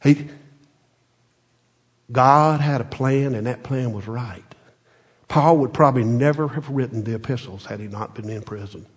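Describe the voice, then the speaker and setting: A man preaching a folksy sermon, telling stories with many restarts and building to loud, emphatic peaks. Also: mid-range voice, normal speed, long pauses, husky. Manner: folksy storytelling, repeats words, rises to loud emphatic peaks.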